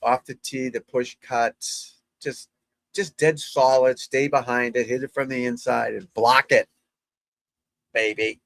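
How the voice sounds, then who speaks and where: A man's voice: mid-range voice, steady tone, measured pace, vocal fry, a bit bright, no echo, poor audio. Rambling, chatty golf instructor man. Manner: rambling, chatty, breaks off to talk to his dog. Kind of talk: casual live chat to viewers. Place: room at home.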